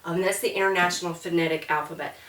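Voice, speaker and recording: A woman's voice: lowish voice, fairly even intonation, fast talker, a bit bright. Woman, French teacher, chatty classroom lecture, mic placed well back in a roomy space. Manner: chatty, repeats words to model pronunciation. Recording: echoey room from a distance.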